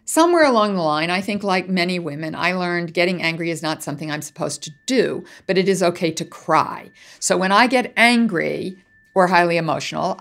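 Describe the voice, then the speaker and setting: A woman's voice: lowish voice, creaky, a bit bright. A woman diplomat interviewed for a podcast, recounting a negotiation in a candid, reflective way. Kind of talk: personal recollection in interview.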